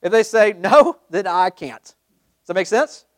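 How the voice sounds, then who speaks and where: A man giving a live sales training talk to a group, energetic, quizzing the room with questions and acting out sample calls. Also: high-pitched, a little slow, no room sound. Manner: acts out sample phone calls.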